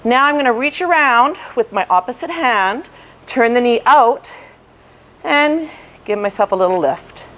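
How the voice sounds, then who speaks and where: A woman with a fairly high voice leads a workout class at a slow, steady pace. She cues form and counts down reps in an encouraging way while exercising along, a little out of breath. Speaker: fitness instructor. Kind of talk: guided workout instruction.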